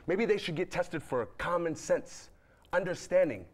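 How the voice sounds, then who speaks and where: A man's voice: high voice, animated, normal speed. A young man acting as a buttoned-up lawyer husband in a stage play, answering with dry, sarcastic retorts. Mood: exasperated. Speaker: husband Paul.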